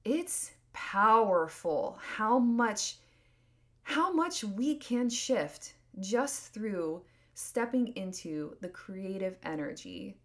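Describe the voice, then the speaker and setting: A woman's voice: medium pitch, lively intonation, drawn-out words, fairly bright tone. A woman in her thirties hosting a solo podcast, talking earnestly and rambling, full of "like" and restarts. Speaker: podcast host. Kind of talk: casual solo podcast monologue.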